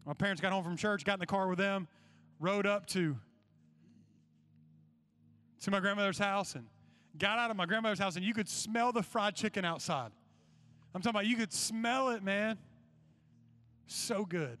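Young guy preaching to students, high voice, soft music behind. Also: moderate pace, pauses often. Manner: storytelling, building to urgent appeal. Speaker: youth preacher. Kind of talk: sermon with personal story.

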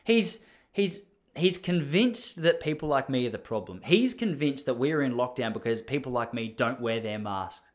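A man's voice: medium pitch, expressive, normal speed. An Australian man in his thirties, telling a casual story in a rambling, self-deprecating way with many asides. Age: 30s.

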